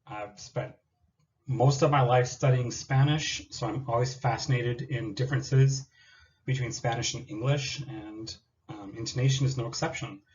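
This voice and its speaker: A man of medium pitch walks through a classroom activity in a recorded presentation. He sounds partly scripted, with the odd filler. The recording is a little dull and lo-fi. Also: steady tone, moderate pace, slight background noise. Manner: explanatory, partly read, with occasional fillers.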